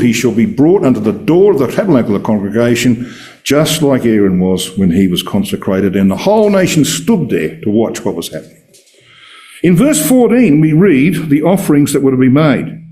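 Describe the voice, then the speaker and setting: A man giving an expository Bible talk, emphatic and full of rhetorical questions. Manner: emphatic, rhetorical questions, lively swings in pitch. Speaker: Bible study speaker.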